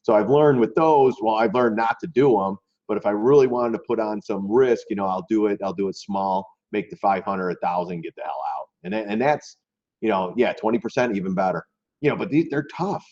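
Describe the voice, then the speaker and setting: Low-voiced guy rambling to viewers on a trading stream, dull lo-fi sound. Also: a little fast, darkish tone. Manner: loose, rambling, repeats words, talks straight to viewers. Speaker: stock trading live stream host. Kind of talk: casual live stream commentary.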